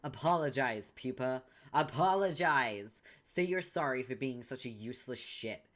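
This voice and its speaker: A cruel, scheming young troll girl, as a man puts her on for a comic read-along. She talks down and scolds without pause, every line a jab. The voice sits at an ordinary middle pitch. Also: animated, a bit bright. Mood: scolding. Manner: sneering, scolding, domineering.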